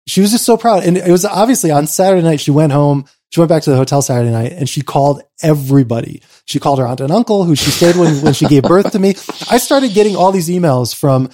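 A man with a fairly high, mellow voice tells a personal story as an interview guest. He talks animatedly, surging with excitement and then dropping into soft, reflective passages. His speech is full of "like" fillers. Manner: animated, swings from excited rushes to quiet reflective lows; frequent "like" fillers.

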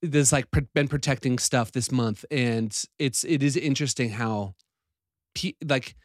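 A man's voice: medium pitch, unhurried, no room sound. Candid podcast host man, dry sound. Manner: candid, self-deprecating, filler-heavy. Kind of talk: casual conversation.

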